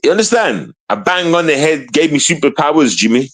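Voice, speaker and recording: Emphatic man with a slightly high voice, a guest in a casual street-slang storytelling interview. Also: very animated, fairly quick, a bit bright. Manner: emphatic, repetitive street slang, keeps asking "you understand?". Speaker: guest telling his story.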